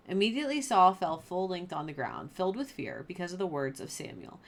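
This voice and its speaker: A woman's voice: on the low side, sing-song, fairly quick, hardly any pauses. A young woman who teaches a casual Bible lesson in a chatty way, with lots of fillers, and who reads scripture aloud. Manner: chatty, filler-heavy, laughs at the story.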